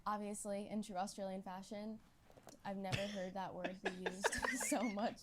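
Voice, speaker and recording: A woman's voice: medium pitch, fairly even intonation, moderate pace, heavy background noise. A woman from Canada chatting casually and easily about words she hears. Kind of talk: casual chat.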